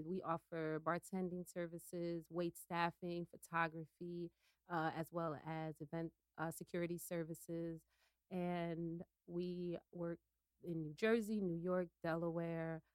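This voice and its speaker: A woman's voice: on the low side, clean tone, no room sound. A woman appearing as a podcast guest, explaining in a friendly way with small restarts. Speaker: guest, business owner.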